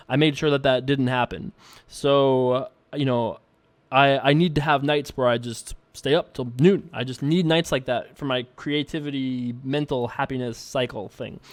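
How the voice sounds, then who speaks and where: A man's voice: mid-range voice, no echo. Rambling man talking poker. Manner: rambling, self-amused, thinking aloud. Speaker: poker streamer answering viewer emails. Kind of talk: casual commentary while playing online poker. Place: home room with a whiteboard.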